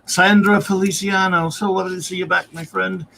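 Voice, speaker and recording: Man, podcast host, reads viewer comments, bright forceful tone, faint noise behind. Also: high voice, little pitch movement, fairly quick, vocal fry. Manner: reads out viewer comments and grades, chuckling often. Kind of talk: casual live-stream review chat.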